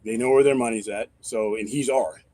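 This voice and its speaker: A man's voice: mid-range voice, fairly even intonation, brisk, mellow, a little hiss or hum. A man hosting a casual live-stream chat, rambling and swearing freely as he thinks aloud with restarts. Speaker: host.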